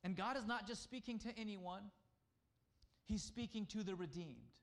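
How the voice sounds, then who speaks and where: A man preaching a conversational sermon, at times dropping to a hushed voice to speak as God. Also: high-pitched, lively intonation, moderate pace. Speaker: pastor.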